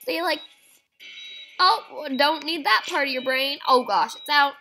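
A woman's voice: high-pitched, measured pace, bright, forceful tone, soft background music, low-quality recording. A young woman playing a surgery game, chatting casually, reading prompts aloud and reacting with squeamish exclamations. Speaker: game streamer. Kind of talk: casual let's-play commentary.

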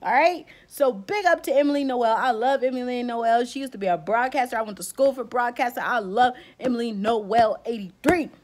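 A woman's voice: a little high, brisk, hardly any pauses. A woman beauty vlogger giving a blunt, emotional rant in casual slang, close to tears. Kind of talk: heated vlog rant.

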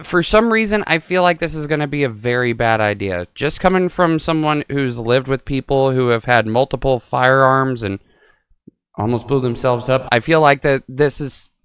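A man's voice: medium pitch, lively intonation, moderate pace, a bit bright, clean tone, dry recording, clean studio sound. A man hosting a reaction video, chatting casually and jokingly over clips, stammering now and then. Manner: joking, stammers, begs viewers to subscribe.

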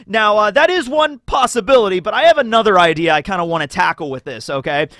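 A man's voice: sits high, lively intonation, fast talker, fairly bright tone, dry recording. A man hosting a casual theory video, talking animatedly with lots of fillers. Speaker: anime theory video host. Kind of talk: casual commentary monologue.

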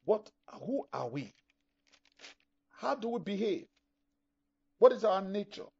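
A man's voice: high voice, very animated, takes it slowly, vocal fry, a little mellow, breathy edge. A middle-aged man preaching a sermon as pastor, emphatic, acting out imagined listeners. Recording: dull lo-fi recording.

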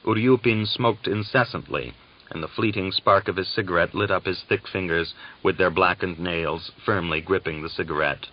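A man narrating an audiobook in a measured, dramatic manner. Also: sits low, dull audio.

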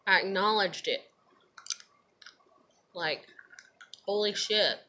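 A woman's voice: mid-range voice, slow pace, bright, forceful tone. A tired young woman, venting to camera in a rambling, profane way and laughing often. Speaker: vlogger.

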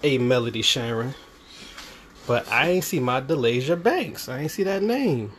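A man's voice: medium pitch, animated, moderate pace, a little hiss or hum. A young man, co-hosting a cooking livestream, reading viewer comments in a teasing, easygoing way. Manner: teasing, laughing easily. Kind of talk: casual livestream chat.

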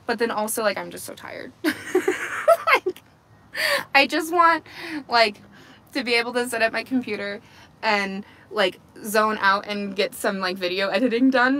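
A woman's voice: mid-range voice, normal speed, sharp tone. A woman hosting a casual livestream outdoors among her goats, talking into a phone on a selfie stick, cooing baby talk to the animals and laughing often. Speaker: livestream host on a goat farm.

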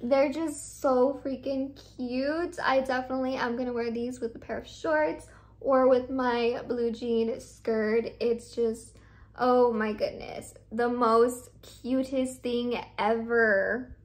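A young woman with a high-pitched voice chats through an unboxing vlog. She gushes and piles up words of praise, sounding thrilled with everything she shows. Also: steady tone, slow. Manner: gushing, effusive, repeats praise words. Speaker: vlogger.

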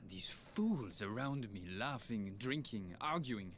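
A man's voice: medium pitch, expressive, slow, a bit bright. An actor playing an anxious, guilt-ridden male soldier with a French accent, narrating his diary in a game. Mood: brooding. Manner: brooding, paranoid, guilt-ridden.

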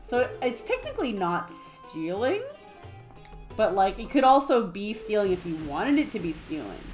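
A woman streaming a video game, chatting casually with playful giggles and bursts of excitement. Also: medium pitch, moderate pace, soft background music. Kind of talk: casual let's-play commentary.

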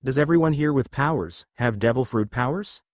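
A man's voice: mid-range voice, brisk, no room sound, lightly acted. A man voicing a confident young male ninja hero who speaks bluntly and sounds unimpressed.

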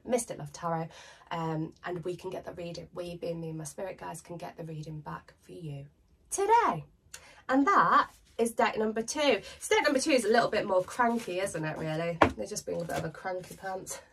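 A British woman with a cold reads tarot cards in a loose, chatty, slangy way. Her low voice is gravelly and husky. She sits a little back from the microphone. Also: far from the mic. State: has a cold. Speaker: tarot reader. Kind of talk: casual tarot card reading to camera.

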